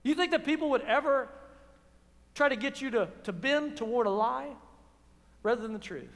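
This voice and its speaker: A man preaching a sermon in a sarcastic, quick manner, often repeating words, in a church. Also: very high voice, lively intonation, fairly bright tone. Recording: long hall reverb.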